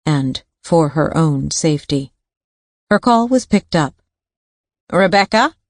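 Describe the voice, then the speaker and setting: Low-voiced woman narrating a thriller. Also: lively intonation, takes it slowly, darkish tone, dry recording, studio quality. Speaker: audiobook narrator.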